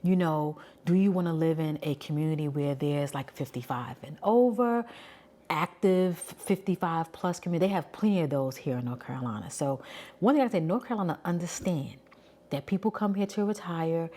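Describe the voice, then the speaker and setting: Forties woman, New York accent, deep-set low voice; casual, candid vlogger talk. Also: animated, normal speed. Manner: chatty, candid, thinking out loud.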